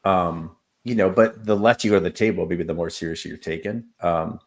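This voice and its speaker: An assistant wrestling coach with a lowish, darkish voice speaks fairly quickly in a casual interview. His delivery is loose and conversational as he tells stories full of "um" and "like," acting out quoted exchanges.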